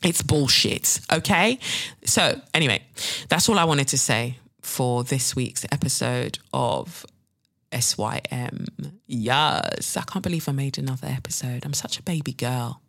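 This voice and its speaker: A woman's voice: very deep voice, animated, unhurried, fairly bright tone. A woman hosting a podcast, giving a blunt, sarcastic, profane opinion monologue and mocking others in put-on voices. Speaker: podcast host.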